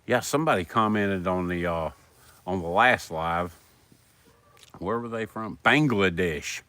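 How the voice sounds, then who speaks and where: A man's voice: low voice, unhurried, sharp tone, no echo. A middle-aged man from South Carolina with a Southern accent, rambling in a folksy way as he chats to viewers on a live stream outdoors by a fire at night. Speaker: livestream host. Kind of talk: casual live stream chat. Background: dogs.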